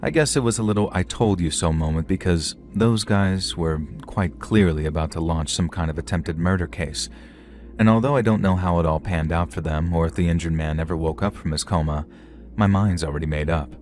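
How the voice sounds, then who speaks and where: Deep-voiced man narrating horror stories. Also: brisk, darkish tone, soft background music. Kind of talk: scripted horror story narration.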